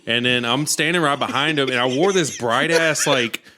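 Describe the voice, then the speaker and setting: A man's voice: mid-range voice, moderate pace. A man in his thirties, a podcast co-host telling a story in casual chat and acting out the quotes. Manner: animated storyteller, acts out quotes.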